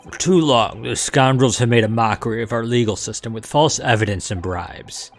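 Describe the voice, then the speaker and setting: A man's voice: medium pitch, moderate pace, soft background music, voice pushed down, natural voice. A man reading out a stern, grandiose police chief lord in a pompous, declaiming manner while playing a game on stream.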